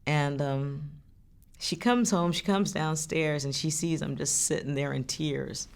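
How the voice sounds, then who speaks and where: Earnest woman singer with a gravelly edge. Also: sits low, unhurried. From France. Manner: earnest, heartfelt storytelling with frequent restarts. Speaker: singer and songwriter. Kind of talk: candid interview talk.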